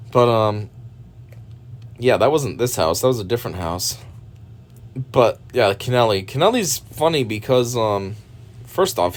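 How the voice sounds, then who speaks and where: A man hosting a reaction video, giving casual, profane, mocking commentary and laughing often. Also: medium pitch.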